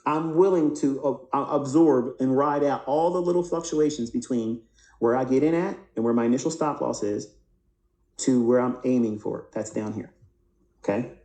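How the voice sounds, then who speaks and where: A man's voice: mid-range voice, normal speed, mellow, roomy sound, poor audio. A man teaching a live trading lecture over price charts, who asks rhetorical questions and answers them himself and often repeats or restarts words. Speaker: trading instructor.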